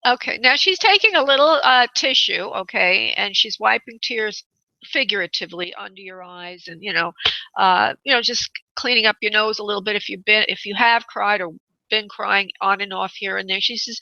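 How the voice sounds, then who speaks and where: A woman's voice: medium pitch, moderate pace, gravelly, pushed and bright, no room sound, lo-fi sound. A woman hosting a radio call-in show as a psychic medium, calling her callers honey and sweetheart.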